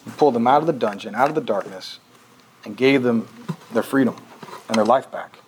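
A man's voice: medium pitch, a little fast, a little hiss or hum, poor audio. A man preaching a conversational sermon as pastor, earnest and questioning, often restarting his sentences.

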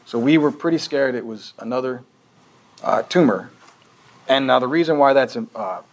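A man's voice: mid-range voice, normal speed, poor audio. A man preaching a conversational sermon as pastor, earnest and questioning, often restarting his sentences.

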